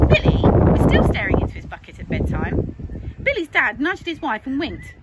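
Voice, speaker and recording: A primary school teacher with an English accent reads a picture book to children, her voice high-pitched and her pace normal. She's expressive and sing-song. The home recording is noisy.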